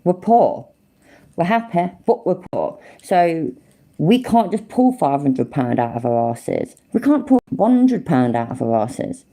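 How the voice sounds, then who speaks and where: Low, mellow East Midlands woman chatting. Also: big pitch swings, unhurried. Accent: East Midlands English. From English Midlands. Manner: chatty, swearing, laughs often, answers chat. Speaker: livestream host. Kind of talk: casual livestream chat with viewers.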